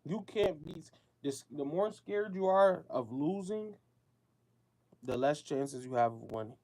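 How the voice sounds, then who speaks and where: A man's voice: on the high side, animated, measured pace, darkish tone. Slangy man talking betting to listeners. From United States. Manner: loose, slangy and repetitive, talking straight to listeners. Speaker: show host. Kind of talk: casual talk-show monologue.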